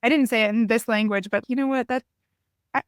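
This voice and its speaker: Podcast guest, woman, reflective storyteller with a smooth, clear voice and a close, dry sound. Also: a little high, steady tone, brisk, no echo. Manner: candid, reflective, self-deprecating. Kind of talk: conversational storytelling.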